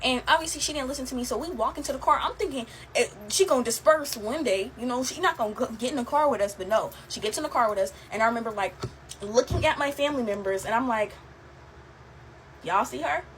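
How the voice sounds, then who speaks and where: A woman's voice: fairly high pitch, fast talker, slight background noise, rough recording. Chatty young woman telling spooky stories. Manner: chatty, lots of fillers, laughs while telling. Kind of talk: casual storytelling to camera.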